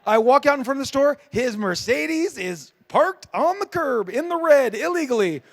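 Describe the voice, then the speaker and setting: A man's voice: very high voice, lively intonation, normal speed. A middle-aged man on a convention panel telling a story in casual, rambling style, full of fillers and restarts, acting out the people he quotes. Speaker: comic creator on a convention panel.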